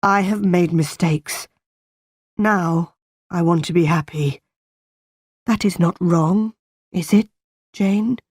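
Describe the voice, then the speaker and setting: A brooding gentleman speaks in measured, firm tones, read by a woman narrator. The lines come low and slow in a storybook reading for learners, close to a dry mic. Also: breathy edge, no echo. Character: brooding gentleman of the house, man, middle-aged.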